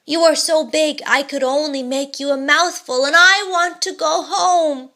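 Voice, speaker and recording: Woman doing a squeaky, pleading little pumpkin. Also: fairly even intonation, a little slow, pushed and bright. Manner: pleading, gasping. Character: frightened little male pumpkin, pleading and timid.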